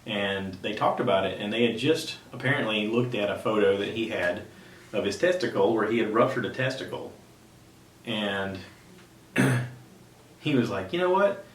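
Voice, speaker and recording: A man's voice: normal speed, long pauses. A man hosting a podcast, retelling a story in a casual, rambling way and often restarting his sentences. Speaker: podcast host. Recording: roomy sound from a distant mic with faint rumble.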